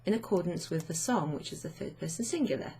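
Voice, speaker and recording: Woman language tutor with a gravelly, low-pitched voice. Slow, thinking-aloud delivery. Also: lively intonation, dark tone. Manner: unhurried, thinking aloud with many fillers. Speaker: language teacher. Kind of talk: explaining grammar to students.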